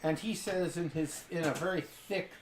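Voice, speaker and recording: A man running a tabletop role-playing game as game master, narrating scenes in a slow, deliberate way. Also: on the high side. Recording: roomy echo with faint hiss.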